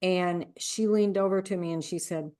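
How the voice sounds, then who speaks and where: A woman with a somewhat low-pitched voice hosts a podcast in relaxed conversation. She tells personal stories earnestly and at length. Her tone turns heated when she talks about people being mocked. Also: normal speed. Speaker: podcast host. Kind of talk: casual conversational podcast chat.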